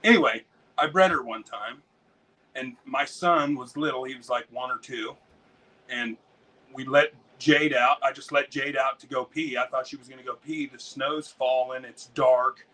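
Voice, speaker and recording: An American man, a dog breeder and interview guest, telling stories in a rambling, excitable way full of swearing. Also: mid-range voice, moderate pace, far from the mic, poor audio. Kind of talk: casual storytelling.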